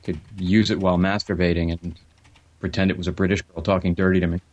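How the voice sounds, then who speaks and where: A man's voice: deep voice, flat delivery, fast talker, lo-fi sound. A man co-hosting a podcast in casual chat, rambling, sardonic and crude. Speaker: podcast co-host.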